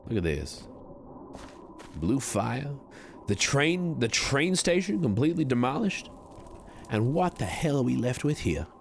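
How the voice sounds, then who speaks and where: A man voicing a smooth-talking con man who fakes a Southern cowboy drawl, with folksy, courteous sayings in a streamed game role-play. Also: mid-range voice, big pitch swings, a little slow, pauses often, slight background noise, pitched above the performer's own voice. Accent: put-on Southern drawl.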